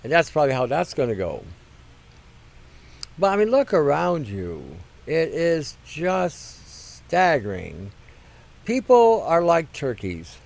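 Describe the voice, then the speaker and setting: A man's voice: a little high, huge pitch swings, takes it slowly, gravelly, darkish tone. Blunt, swearing man ranting as host. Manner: crude, combative, swears freely. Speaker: host of his own online show.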